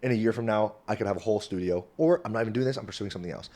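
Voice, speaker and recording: A young man vlogging alone at home into a phone camera, rambling and cursing, dropping to low mutters and then bursting out loud. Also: racing. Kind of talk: casual rambling monologue. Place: small home room.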